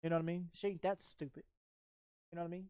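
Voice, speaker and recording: A man's voice: a little high, flat delivery, fast, warm tone, clean tone, no room sound. A man telling a personal story in casual chat while streaming a game, profane and rambling with frequent repeats.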